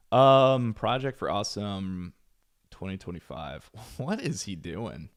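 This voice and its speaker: A man's voice: deep voice, big pitch swings, takes it slowly. A man streaming, chatting casually and bluntly as he reacts to videos, rambling with fillers.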